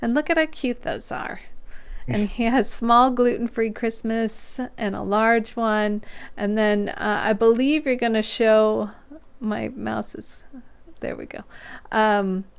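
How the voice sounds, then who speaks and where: A woman's voice: a little high, steady tone, takes it slowly, vocal fry, clear, resonant tone. A woman hosting a casual interview show, enthusiastic and gushing about the products. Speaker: show host.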